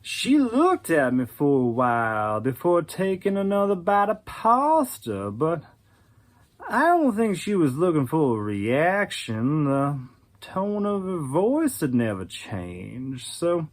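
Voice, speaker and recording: Brief: slow, halting man narrating a memory for an oral history. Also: a little high, huge pitch swings. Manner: halting, with restarts. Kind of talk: recounted personal memory.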